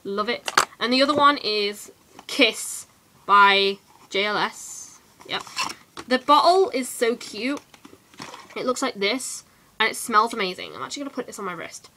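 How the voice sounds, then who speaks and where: A young woman from Britain chats to camera in a relaxed vlog, with frequent ums and quick little giggles. Her voice sits a bit high and rings bright and sharp. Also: a little hiss or hum. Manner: chatty, giggly, lots of ums. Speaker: vlogger. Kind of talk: casual chat to camera.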